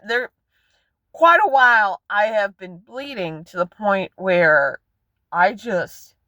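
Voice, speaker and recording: A woman's voice: on the low side, a bit bright, dry recording. Frank, rambling woman vlogging from a car. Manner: frank, rambling, swears freely. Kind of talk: candid personal vlog.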